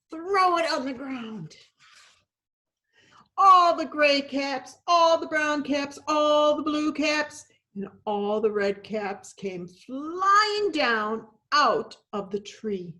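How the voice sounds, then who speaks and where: High animated woman doing theatrical storytime for little kids, slow, chats with them, whispers sometimes. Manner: animated, talks to young listeners, drops to whispers. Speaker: actress and teaching artist.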